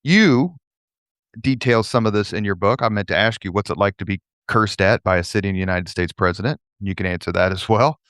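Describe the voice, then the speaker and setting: A man hosting a podcast, asking measured, conversational questions. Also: lowish voice, fairly bright tone, clear, resonant tone, dry recording, studio quality. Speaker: podcast host. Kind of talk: interview questions.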